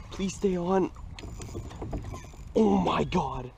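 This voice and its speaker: A young man narrates a fishing trip from a kayak on open water, picked up by a camera fixed to the boat. His voice sits a little high and he talks in a slow, drawn-out way. He is excitable, with hushed murmurs that break into loud outbursts. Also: a little hiss or hum. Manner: excitable, exclaiming, swings between hushed murmurs and shouts. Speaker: fishing vlogger. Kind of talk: excited outdoor vlog commentary.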